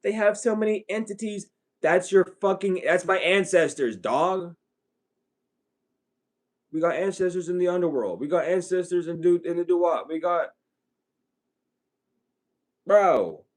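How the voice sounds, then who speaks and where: Brief: man psychic reader, fairly high-pitched, blunt, cursing rant to camera. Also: lively intonation, a little slow, long pauses. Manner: profane, blunt, ranting. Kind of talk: ranting spiritual reading to viewers.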